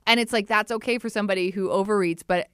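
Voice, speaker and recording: Clear and resonant, this podcast co-host's mid-range voice moves at a quick pace in a dry, clean studio recording. The young woman chats openly and animatedly, putting on playful voices when quoting others.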